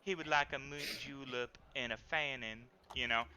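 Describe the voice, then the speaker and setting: Bright, clear-voiced male game master. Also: mid-range voice, fairly even intonation, normal speed. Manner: rambling, with many fillers. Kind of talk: narrating a tabletop game.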